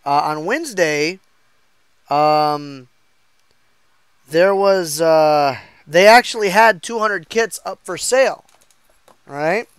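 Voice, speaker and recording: A man's voice: fairly high pitch, slow, pauses often, fairly bright tone, clear, resonant tone, dry recording. A man chatting casually while streaming a console mod, joking and swearing in a laid-back way. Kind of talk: casual livestream chat.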